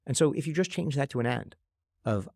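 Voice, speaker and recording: A man being interviewed on a podcast, telling stories quickly and acting out what people say. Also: medium pitch, creaky, no room sound, clean studio sound. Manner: fast, animated storyteller who acts out quotes. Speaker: guest, venture investor.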